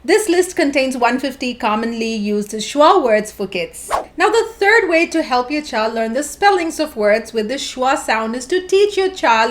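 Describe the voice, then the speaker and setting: A woman narrating a phonics lesson for parents, carefully sounding out syllables. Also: on the high side. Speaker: phonics teacher. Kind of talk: instructional video narration.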